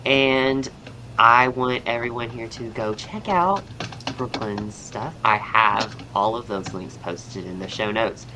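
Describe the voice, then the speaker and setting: Taking it slowly in a medium-pitched voice, this young Southern American man hosts a podcast and practices astrology. His chat is casual, upbeat, and rambling, packed with fillers, and there's noise in the background.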